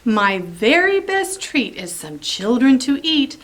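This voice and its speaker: A grouchy, greedy storybook giant as a woman reads him out rumbles through his rhymes. His delivery swoops up and down in a lively way and takes its time over every word. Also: takes it slowly, exaggerated voice. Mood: grumbly, greedy. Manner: rhyming, playful storybook delivery. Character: grumpy hungry male giant, growly and greedy.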